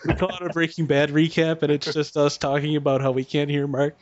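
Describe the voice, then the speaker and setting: A man's voice: on the high side, level tone, a little fast, dry recording, dull audio. A man co-hosting a podcast in casual chat over an internet call, joking and wry. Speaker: podcast co-host.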